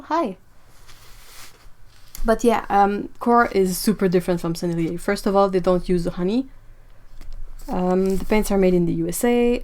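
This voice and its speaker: A woman with a mid-range voice hosts an art channel's live-streamed unboxing of art supplies. She's excitable and chatty, talking to her viewers along the way.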